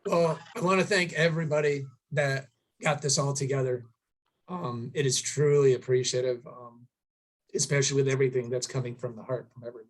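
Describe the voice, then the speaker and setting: A middle-aged man, emotional, telling a heartfelt family story at a tribute, halting with many fillers. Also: medium pitch, steady tone, rough recording. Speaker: son giving a memorial tribute. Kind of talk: personal storytelling at a gathering.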